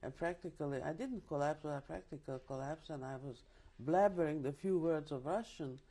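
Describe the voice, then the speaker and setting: Older woman, interview testimony, lively storytelling, dark mellow timbre. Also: low-pitched, a little fast, husky. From Czechoslovakia. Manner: vivid storytelling with restarts and asides. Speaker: interviewee, Holocaust survivor. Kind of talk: oral history testimony.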